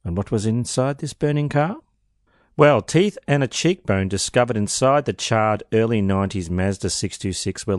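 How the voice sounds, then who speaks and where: A man's voice: on the low side, darkish tone, no room sound, clean studio sound. A man hosting a podcast, narrating a true crime case with wry, sardonic asides. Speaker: podcast host.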